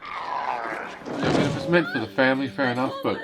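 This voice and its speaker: A man's voice: medium pitch, normal speed, gravelly, very noisy. A man casually reviewing a film, hesitant and rambling, with constant "you know" fillers. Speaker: host of a film review video.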